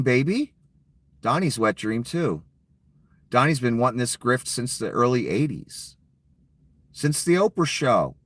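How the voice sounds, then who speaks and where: A middle-aged man rants about politics in a sarcastic, mocking tone, with heavy swearing. His voice sits at a middling pitch. The recording is dry and close, with no room sound. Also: fairly bright tone, dry recording. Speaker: political commentary vlogger. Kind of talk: angry political rant.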